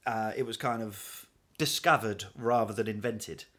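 A man, a guest in a casual chat, telling stories in an animated, chatty way and laughing often. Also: fairly low pitch, a little slow. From England.

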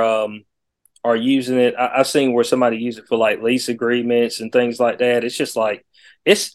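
A man co-hosting a casual chat podcast, rambling with many restarts and slangy phrasing. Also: medium pitch. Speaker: podcast co-host.

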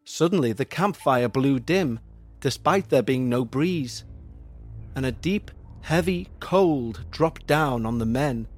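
A man narrating a scripted horror story for a podcast, with a measured, suspenseful delivery. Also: medium pitch, lively intonation, soft background music.

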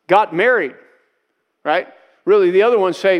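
A man with a notably high voice preaches a sermon in an emphatic style. He drives his points home by repeating key phrases and briefly acts out the people he quotes. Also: moderate pace, long pauses. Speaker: pastor.

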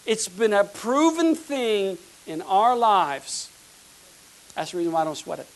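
A pastor from the United States, preaching a fervent sermon with emphatic repeated words. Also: male voice, on the high side, sing-song, takes it slowly, a little hiss or hum, poor audio.

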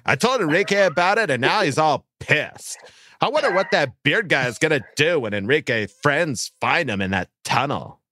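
Lively, high-voiced male podcast host. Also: moderate pace, no echo, studio quality. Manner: jokey, laughing easily. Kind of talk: casual chat.

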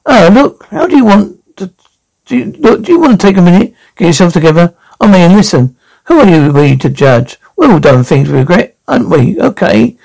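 A woman's voice: fairly low pitch, sing-song, fairly quick, creaky, a little mellow, full character voice, poor audio. A woman playing a cheeky, foul-mouthed elderly grandmother who mocks and nicknames everyone in a comedy sketch. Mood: mock-sympathetic. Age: older. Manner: mocking, name-calling, interrupting.

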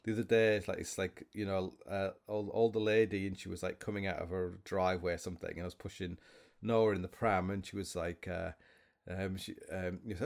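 A man's voice: on the low side, a little fast, a little mellow. A man hosting a podcast, telling rambling, self-mocking stories in a casual monologue. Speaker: podcast host.

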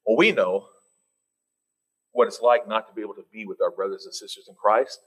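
A man preaching a sermon, teasing his listeners and climbing high in pitch for emphasis, then slowing right down to read scripture. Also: fairly bright tone, husky, poor audio. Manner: reads scripture slowly and deliberately.

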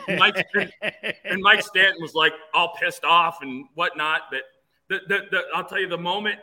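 A man in his fifties from Phoenix, a guest telling stories in an animated way with many restarts. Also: sits high, moderate pace, low-quality recording. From Phoenix, USA. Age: 50s. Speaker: interview guest, former player. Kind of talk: storytelling in an interview.

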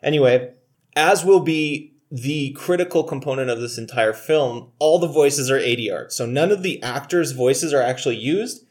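A man's voice: medium pitch, moderate pace. A man co-hosting a casual comedic movie review chat, laughing often and joking in mock courtroom banter. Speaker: podcast co-host.

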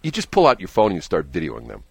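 A man's voice: deep voice, huge pitch swings, quick pace, gravelly, slightly rough. A man hosting a morning radio show, chatting casually and jokingly, mocking himself and laughing often. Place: radio studio.

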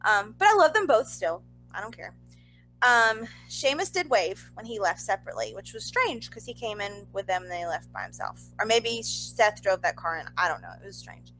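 A woman co-hosting a casual chat, telling a story in an animated way with lots of fillers and asides. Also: medium pitch, slight background noise, poor audio. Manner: animated, talks fast with frequent fillers and asides. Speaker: podcast co-host.

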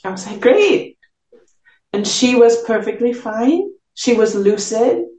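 A woman's voice: on the high side, animated, moderate pace, warm tone, reverberant. A woman guest telling a personal faith testimony in an interview, earnestly acting out the dialogue she recalls. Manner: earnest storytelling, acts out quoted dialogue.

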